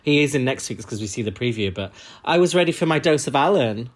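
A man's voice: medium pitch, animated, quick pace, slight background noise. A man co-hosting a podcast in casual chat, blunt and opinionated, swearing freely. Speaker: podcast co-host.

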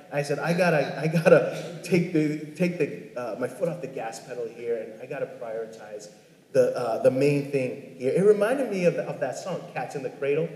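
A man in his thirties telling a personal story as a father, earnest and halting, with many restarts. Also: on the high side, dark tone. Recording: echoey room with long reverb.

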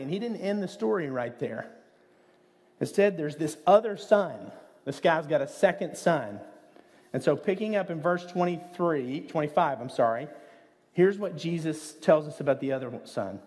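Earnest pastor preaching in a reverberant hall. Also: male voice, on the high side, darkish tone. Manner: conversational, earnest, with rhetorical asides. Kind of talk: sermon.

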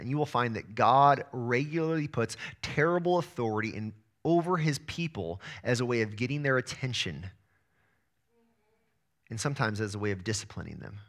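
A man in his thirties preaching a sermon as pastor, energetic, often repeating words as he starts a phrase. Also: mid-range voice.

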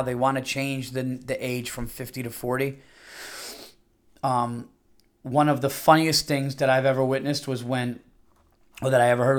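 A man, under fifty, hosting a podcast in a casual monologue, blunt and crude, rambling with many fillers. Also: mid-range voice. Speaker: podcast host.

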